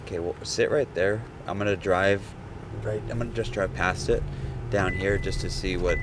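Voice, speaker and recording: A man's voice: sits low, steady tone, moderate pace, very noisy. A man hosting a bounty hunting vlog, talking in a casual, joking, rambling way from inside a car. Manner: joking, laid-back, rambling. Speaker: bounty hunter host.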